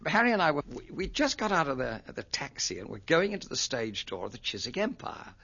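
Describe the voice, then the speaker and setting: A man's voice: fairly high pitch, fairly quick, gravelly, muffled recording. A man telling an anecdote, acting out voices as he goes. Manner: animated, acts out the voices in his story. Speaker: interviewee. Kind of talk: storytelling anecdote.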